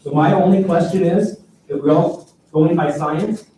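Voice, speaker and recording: Man with a mellow voice, firing rhetorical questions. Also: a little high, a little slow, far from the mic, a little hiss or hum. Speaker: public commenter. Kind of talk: public comment at a school board meeting. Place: large meeting room. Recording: echoey room, voice heard from afar.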